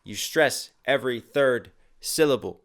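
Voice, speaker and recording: Man, rapper, reaction commentary, excitable, profane, mid-pitched voice. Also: measured pace. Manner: enthusiastic, analytical, profane. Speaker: rapper reacting to music videos.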